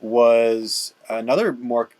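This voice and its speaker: A podcast co-host in casual chat, talking with quick, agreeable enthusiasm. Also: mid-range voice, darkish tone, dry recording.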